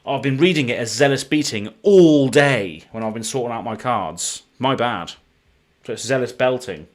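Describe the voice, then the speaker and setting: A man's voice: medium pitch, lively intonation, normal speed. A man with a British accent streaming live, chatting casually and reading card names aloud as he opens packs. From United Kingdom. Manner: chatty, reads card names in a running list.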